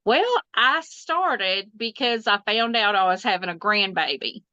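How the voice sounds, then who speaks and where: A woman's voice: medium pitch, lively intonation, a little slow, pushed and bright, no room sound, highs cut off. A middle-aged woman, chatting as a guest on an interview podcast. She laughs often and trails off into restarts. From Southern United States. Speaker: guest quilter. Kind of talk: casual interview chat.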